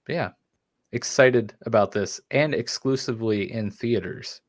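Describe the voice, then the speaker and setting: A man hosting a podcast, reading listener comments in a relaxed way with many fillers. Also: fairly low pitch, measured pace, no echo, studio quality. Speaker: podcast host. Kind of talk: casual podcast chat.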